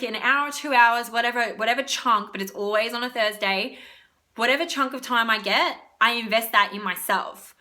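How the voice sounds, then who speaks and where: Rambling about self-love, a young woman vlogs on spiritual wellness in an easygoing self-help style. Her pitch sits fairly high, her tone pushed and bright, and she curses freely between many fillers.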